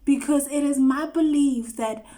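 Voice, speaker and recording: Woman, higher-pitched, earnest, emphatic, repeats phrases, personal testimony. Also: unhurried, mellow. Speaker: host.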